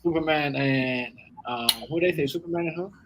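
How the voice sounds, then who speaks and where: A man in casual chat with friends, animated and prone to repeating his words. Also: a little high, moderate pace, background noise. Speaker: co-host.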